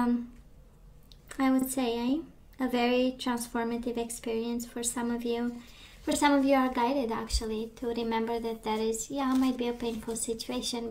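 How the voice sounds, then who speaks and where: A woman losing her voice gives a gentle, reassuring tarot reading, talking with many fillers. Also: a little high, a little hiss or hum. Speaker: tarot reader.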